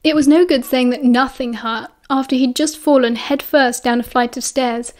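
Casting: British woman, audiobook narrator, high voice, expressive and steady. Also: moderate pace. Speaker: audiobook reader.

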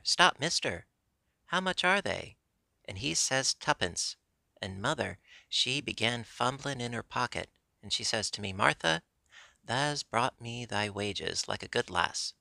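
A man's voice: fairly low pitch, creaky, pushed and bright, no echo, exaggerated voice. A man reading a chatty young Yorkshire maid in broad, homely dialect, in a dry, close audiobook recording. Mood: eager.

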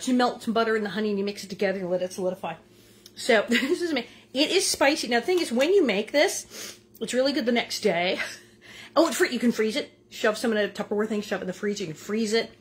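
An older woman hosting a casual home cooking vlog. She is chatty and animated and keeps tasting as she talks. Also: on the high side. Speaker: cooking show host. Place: home kitchen.

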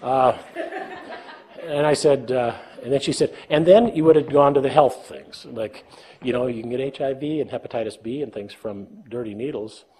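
At a normal speed and in a slightly mellow, medium-pitched voice, an older American man gives a conversational leadership talk. Anecdotes at his own expense fill it, and he voices the dialogue while chuckling.

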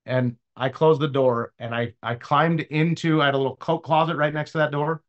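A man's voice: fairly high pitch, steady tone, moderate pace, few pauses, muffled recording. A man leading his sales team, giving a motivational talk in a blunt, casual way and often checking that they follow. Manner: casual, blunt, repeats "does that make sense?". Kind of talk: motivational talk with personal story.

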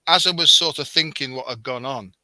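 A man's voice: mid-range voice, a little fast, pushed and bright, dry recording. A man as a podcast guest, telling a personal story in an earnest, candid way and slipping into quoted dialogue. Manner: emotional at moments.

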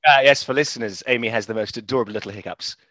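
A man running a tabletop game as game master on a podcast, animated and quick to laugh. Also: mid-range voice, dry recording. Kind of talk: actual play podcast narration.

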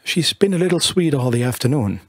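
A man reading aloud, voicing a prim, possessive older nanny, a woman who talks in a hushed, gently scolding way. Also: fairly high pitch, animated, fairly quick, dry recording, clean studio sound, voice pushed up. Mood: fond.

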